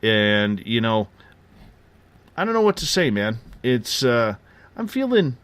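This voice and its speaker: A man's voice: medium pitch, very animated, slow, fairly bright tone, smooth, dry recording. A man in his forties hosting a radio show, telling a personal story with many fillers and a lot of emotion. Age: 40s. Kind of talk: casual radio chat.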